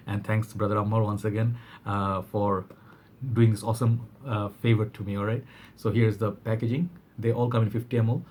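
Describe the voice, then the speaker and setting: A man's voice: lowish voice, darkish tone, a little hiss or hum. A man from Bangladesh reviewing a fragrance in a casual vlog, rambling with many fillers and restarts, his voice slightly worn.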